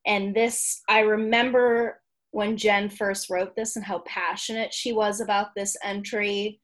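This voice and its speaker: A woman's voice: medium pitch, level tone, a little slow. A woman co-hosting a podcast, reading a written entry aloud with playful, wry asides. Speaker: podcast co-host.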